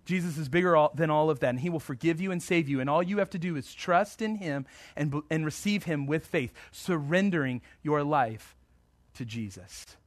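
A man preaching a sermon as a pastor, moving between quiet, tender passages and fervent, rising appeals. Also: on the high side, normal speed, no echo. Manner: emphatic preaching that swings between hushed and fervent.

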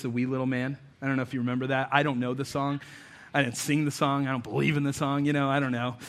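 A male pastor preaching a sermon, telling stories with animated delivery and little character voices. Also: high voice. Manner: animated storytelling, voices for figures.

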